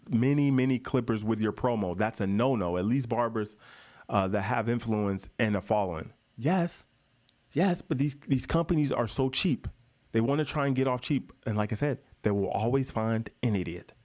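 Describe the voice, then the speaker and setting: Chatty, emphatic man vlogging to viewers. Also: medium pitch. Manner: emphatic, chatty, keeps addressing viewers as guys; repeats himself for stress. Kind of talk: casual talk to camera.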